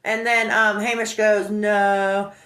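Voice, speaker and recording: A woman telling a personal story in an animated, indignant way, acting out the dialogue. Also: mid-range voice, normal speed. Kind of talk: emotional storytelling. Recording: roomy echo.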